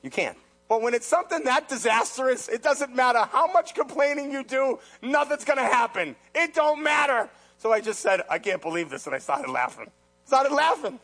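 A man preaching a sermon who repeats rhetorical questions and swings between hushed and loud. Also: extremely high pitch, animated, normal speed, husky, soft background music.

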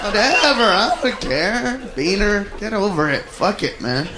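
A man doing a profane, brash stand-up routine on a comedy club stage, often shouting his punchlines. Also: high voice, expressive, unhurried, background noise. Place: comedy club stage before a laughing crowd. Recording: echoey club, loud crowd laughter.

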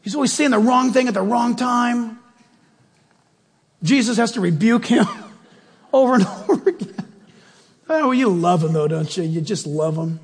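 A man preaching a sermon in a church, animated and emphatic, firing rhetorical questions at the congregation. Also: very high-pitched, moderate pace, long pauses, slightly rough, long reverb tail. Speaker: pastor.

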